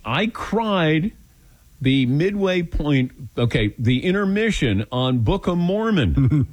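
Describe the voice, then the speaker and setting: Lively older man hosting a call-in show. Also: on the high side, slow, no room sound. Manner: self-deprecating, animated storytelling with acted-out quotes. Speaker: radio talk show host. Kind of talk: casual call-in chat.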